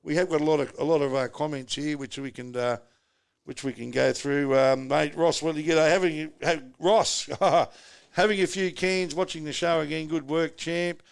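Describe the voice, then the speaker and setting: Australian pub podcast host, a bit high. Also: male voice, fairly even intonation, moderate pace, gravelly, smooth. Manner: jokey, rambling, banter-heavy. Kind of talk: casual chat. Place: pub, indoors.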